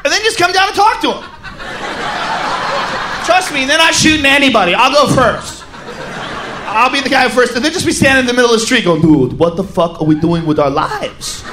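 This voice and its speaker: A man doing a stand-up comedy set, ranting loudly and profanely in a rowdy manner. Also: very high-pitched. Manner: rowdy, profane, shouting rants. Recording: live club with crowd and noise.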